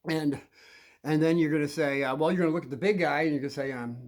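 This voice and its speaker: A man's voice: a little high, a little fast. Rambling man acting out schoolyard scenes. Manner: rambling, acts out scenes with sudden loud quoted lines. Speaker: host giving kids advice on bullies. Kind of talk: rambling monologue to children.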